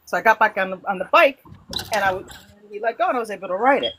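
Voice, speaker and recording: A woman hosting a spiritual conversation who tells stories in an animated way, with frequent restarts. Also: mid-range voice, fast talker, a little hiss or hum, low-quality recording. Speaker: host.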